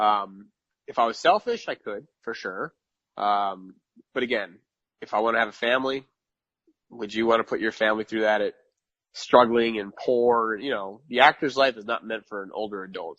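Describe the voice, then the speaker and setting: Low-voiced man in his thirties, candid. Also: normal speed, fairly bright tone, no echo. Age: 30s. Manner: chatty, candid, self-assured. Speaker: podcast guest. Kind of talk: casual interview. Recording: dry lo-fi sound.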